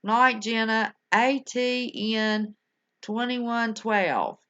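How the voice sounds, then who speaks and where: An older woman with a drawl talks easily with her live viewers, calling them honey and y'all. Her voice has a medium pitch. The sound is somewhat dull and lo-fi. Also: lively intonation, unhurried, a bit bright. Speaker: livestream host. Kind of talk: casual chat with live viewers. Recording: dull lo-fi home stream audio.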